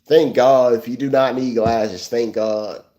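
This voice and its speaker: A man's voice: medium pitch, fairly even intonation, measured pace, warm tone, dull audio. Rambling man livestreaming to chat. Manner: rambling, repeats himself with restarts, chuckles at chat. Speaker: livestream host. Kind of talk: casual livestream talk to viewers.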